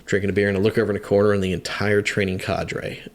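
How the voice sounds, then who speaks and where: A very deep-voiced man in his fifties tells a story in a relaxed interview. He is a firefighter, candid and self-deprecating, and he often stops to restart with fillers along the way. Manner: halting, many fillers and restarts. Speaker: firefighter guest.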